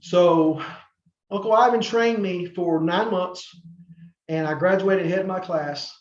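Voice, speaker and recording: A middle-aged man tells long stories as a podcast guest, rambling with fillers and restarts. His voice sits fairly high for a man. The sound is roomy and a little muffled. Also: slow. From North Carolina, USA. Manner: rambling, many fillers and restarts, acts out quoted people. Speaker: podcast guest, former wrestler. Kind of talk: casual interview storytelling.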